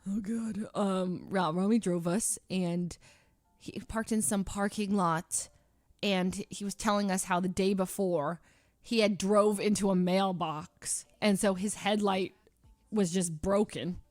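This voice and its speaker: A woman's voice: medium pitch, fairly even intonation, measured pace, darkish tone, no echo. A young woman streamer casually telling a story to her chat, rambling with many fillers and restarts and laughing often.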